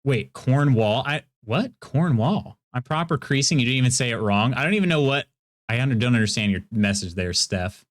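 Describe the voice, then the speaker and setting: A Midwestern American man streams a game and chats casually with viewers, laughing often as he reacts to their messages. His mid-range voice is expressive, fast, and a bit bright.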